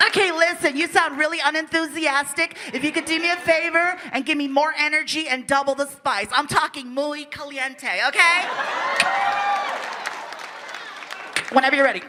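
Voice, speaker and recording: A man voicing a brisk female voice-over director who gives quick, bossy instructions. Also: very high voice, background noise, voice pushed up. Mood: chirpy, bossy.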